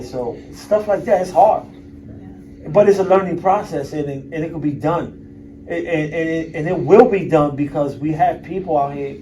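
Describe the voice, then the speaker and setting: A man in his fifties gives a frank talk at a university event, blunt and casual, with a bit of swearing. His voice sits slightly high for a man. The mic picks him up from some distance, with a faint hiss of background noise. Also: mellow. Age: 50s. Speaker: guest speaker. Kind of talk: candid personal talk to an audience.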